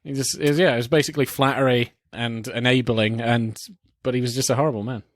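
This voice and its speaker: Male podcast co-host, mid pitch, enthusiastic and halting, dry close mic. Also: fairly even intonation, dry recording. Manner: enthusiastic, hesitant restarts. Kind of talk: casual film review chat.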